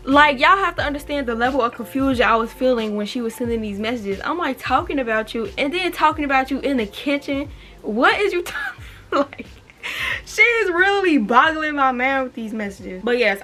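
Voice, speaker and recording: A young woman, telling a storytime on her vlog in an animated way, swearing freely and reading text messages aloud. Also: high-pitched. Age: 20s. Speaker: vlogger. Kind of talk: casual storytime.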